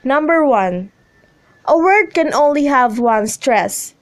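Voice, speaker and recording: A young woman reading a scripted classroom lesson, slowly and carefully, with pauses between listed example words. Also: high-pitched, expressive. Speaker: student presenter.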